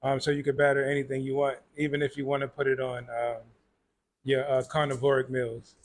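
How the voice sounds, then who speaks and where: A man, a chef and restaurant owner, answering interview questions in a soft-spoken way with frequent pauses and fillers. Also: mid-range voice, completely flat delivery, slight background noise.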